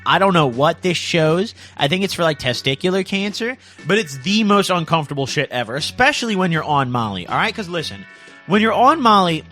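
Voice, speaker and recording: A man's voice: fairly high pitch, bright, forceful tone. A young man telling a comic story in a casual, slangy way, tagging lines with "bro" and "dude".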